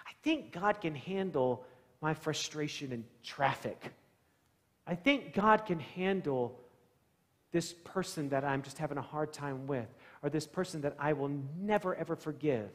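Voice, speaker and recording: A man preaching a sermon as pastor, retelling a gospel story in a conversational, animated way and voicing its characters with sudden loud bursts. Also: on the high side, measured pace, big-room sound. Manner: conversational, plain-spoken preaching. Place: church sanctuary.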